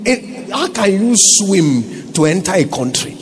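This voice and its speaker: A man's voice: sits high, sing-song, a little slow, slight background noise. A Nigerian man preaching a sermon as pastor, emphatic and full of rhetorical questions to his congregation.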